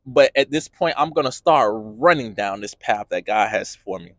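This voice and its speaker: A man's voice: mid-range voice, moderate pace, hardly any pauses, a bit bright, no room sound. A man hosting a podcast, giving an earnest faith-based motivational talk with preacher-like repetition.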